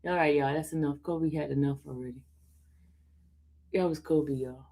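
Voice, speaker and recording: A woman's voice: low-pitched, steady tone, normal speed, dark tone. A woman hosting a casual livestream, reading viewer comments aloud and chatting with her dog. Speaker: livestream host answering viewer questions. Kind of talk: casual live chat with viewers.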